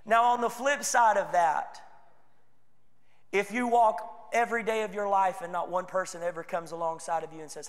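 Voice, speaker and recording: A Texan man preaching in a church sanctuary, his voice sitting fairly high as he talks earnestly and conversationally to the congregation. He acts out little quoted lines along the way. The room's long reverb trails behind every phrase. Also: steady tone, moderate pace. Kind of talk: sermon.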